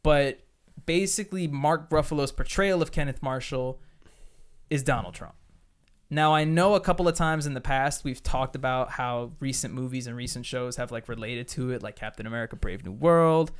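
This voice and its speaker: A man's voice: mid-range voice, moderate pace, smooth. A man hosting a casual podcast chat, rambling and enthusiastic, full of fillers and swearing. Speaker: podcast host.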